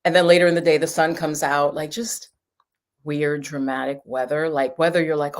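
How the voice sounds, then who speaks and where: A woman with a slightly low voice hosts a casual livestream from her home. She chats in a loose, rambling way, greeting viewers as they join. She sits on the floor as she talks. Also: normal speed. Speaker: livestream host, angel card reader. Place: home room, sitting on the floor.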